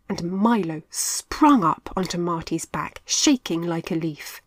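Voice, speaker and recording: A woman narrating a children's story in an expressive, clear reading voice. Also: fairly low pitch, no room sound. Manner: lively, expressive, slow and clear.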